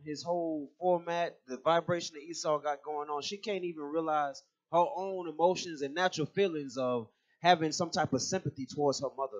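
A man teaching scripture on a religious radio talk show, emphatic and preachy, directing a reader to read on. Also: a little high. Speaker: teacher leading scripture study.

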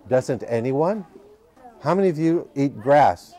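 A man's voice: mid-range voice, animated, unhurried, warm tone. A man reading a picture book to children at a library, patiently asking the children questions as he goes. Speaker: library storytime reader.

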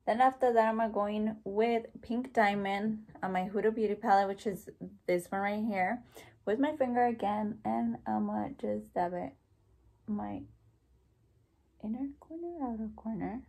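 A woman's voice: medium pitch, a little slow, darkish tone. A young woman, chatting casually through a makeup tutorial and mixing in Spanish words and casual swearing. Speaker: beauty vlogger.

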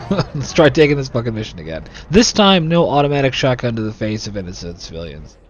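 A man's voice: mid-range voice, very animated, fairly quick, lo-fi sound, slight background noise. A young man hosting casual gameplay commentary, sarcastic and full of swearing and jokes into a desk microphone. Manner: profane, sarcastic, joking. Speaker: let's play host.

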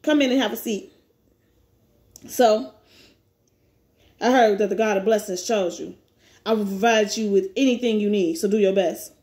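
A woman's voice: mid-range voice, normal speed, pauses often, warm tone, voice pushed down, close to an everyday voice. A woman doing a stern, wealthy father. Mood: formal. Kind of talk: reading a webcomic aloud with voices.

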